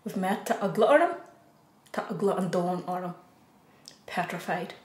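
A woman with an Irish accent gives a beginner language lesson, saying each phrase slowly, repeating it, and then offering the English. Her voice is fairly low and expressive, recorded in an echoey room.

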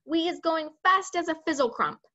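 Woman voicing a big friendly old giant, mangled grammar, lively rising voice, dull sound. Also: very high-pitched, moderate pace, pitched above the performer's own voice, heavily acted. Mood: urgent.

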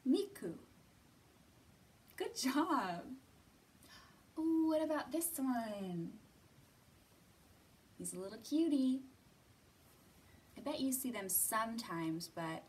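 Woman reading storytime to kids, slow. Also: medium pitch, distant mic, slight background noise. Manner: gentle, coaxing, sing-song questions to kids. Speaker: children's librarian. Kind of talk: storytime for young children. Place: library room.

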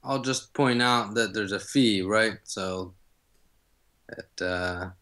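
A man casually trying out software and asking questions in a playful, joking manner. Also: lowish voice, takes it slowly. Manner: playful, chuckling, asks questions. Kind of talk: casual screen-share chat.

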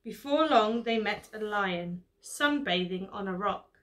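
Woman, teacher, reading a storybook, slow, bright voice. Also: medium pitch. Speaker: primary school teacher. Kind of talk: reading a picture book aloud.

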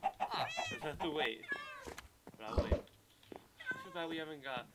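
Guy talking over his game, gets loud then mutters, lots of noise in the recording. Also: fairly high pitch, moderate pace. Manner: excitable, swings from loud outbursts to quiet muttering. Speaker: gaming channel host. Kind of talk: gameplay commentary. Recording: heavy background noise.

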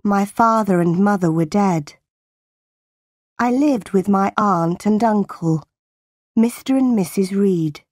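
A woman narrating a graded-reader storybook in a clear, deliberate way. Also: mid-range voice, darkish tone, dry recording, clean studio sound.

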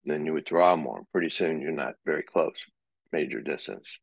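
A man's voice: rumbling low, normal speed, vocal fry, slightly rough, no echo. A middle-aged man teaching a psychology class in a conversational way, sometimes acting out example dialogue. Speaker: psychology lecturer. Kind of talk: classroom lecture.

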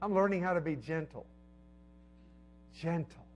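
A middle-aged man preaching a sermon in a conversational way, building to emphatic peaks and then dropping low and quiet. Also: a little slow. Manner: conversational preaching with emphatic swells and soft drops.

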